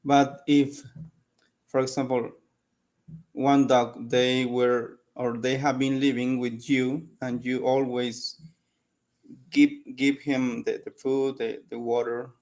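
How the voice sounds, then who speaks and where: Slow, hesitant man learning English. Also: mid-range voice, flat delivery, darkish tone. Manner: hesitant, searches for words. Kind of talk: casual conversation lesson. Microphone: video call.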